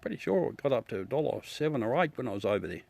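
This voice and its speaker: A man's voice: medium pitch, big pitch swings, very fast, vocal fry, darkish tone. An Australian man livestreaming outdoors at night, rambling chattily to his viewers through a smartphone. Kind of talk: casual live chat.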